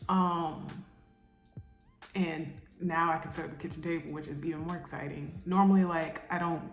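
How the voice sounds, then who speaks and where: A young woman vlogging candidly from her home kitchen, halting and emotional, close to tears, with many pauses and fillers. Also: fairly low pitch, a little mellow. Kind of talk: reflective personal vlog talk. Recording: echoey room with faint music.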